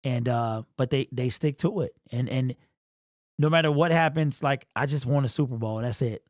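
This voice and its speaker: A young man hosts a casual livestream, rambling in slang, repeating himself and restarting, emotional and sniffly. His voice is medium pitch at a moderate pace. The recording is clean studio sound with no room sound.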